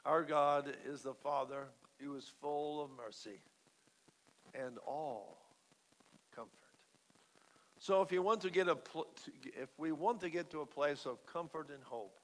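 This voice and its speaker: A man's voice: a little high, unhurried, fairly bright tone. A man preaching a sermon in an earnest, emphatic way, stressing key words. The recording has a long hall reverb. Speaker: pastor.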